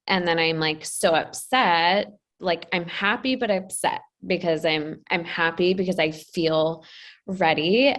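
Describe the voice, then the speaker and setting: Woman client, lowish voice, anxious and rambling, fillers everywhere. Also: fairly bright tone. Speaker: coaching client. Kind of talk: casual talk on a coaching call.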